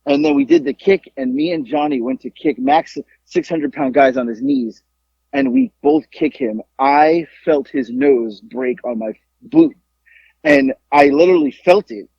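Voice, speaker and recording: A man with a gravelly, husky voice tells a rambling story, with his pitch jumping all over the place. His lo-fi audio sounds dull and dry, with no room around it. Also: a little slow, dry recording. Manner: animated, profane, rambling with many fillers. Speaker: podcast co-host, former wrestler. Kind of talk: casual storytelling chat.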